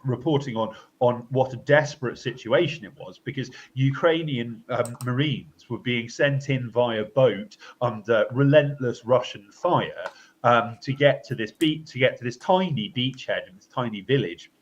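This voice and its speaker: A man hosting a political commentary podcast, talking in a halting way with many fillers and restarts. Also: mid-range voice. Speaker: co-host. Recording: slightly dull lo-fi audio.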